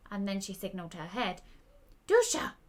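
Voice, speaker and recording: A woman's voice: fairly low pitch, moderate pace, a bit bright. A woman storyteller reading her own fiction aloud in a wry, conversational way.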